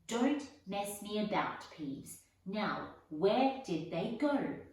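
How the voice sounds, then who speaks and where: A woman's voice: mid-range voice, sing-song, slow pace, a little mellow. A woman doing a grumpy old caretaker. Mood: impatient. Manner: impatient, demanding. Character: grumpy older male school caretaker. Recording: echoey room, voice from far off.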